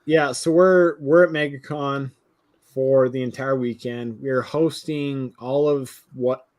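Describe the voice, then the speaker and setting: A man's voice: medium pitch, steady tone, measured pace, a little mellow. A man joins a casual livestream chat as a guest, a little drunk and troubled by hiccups. He talks in a loose, hyped way and swears freely, in a mid-range voice.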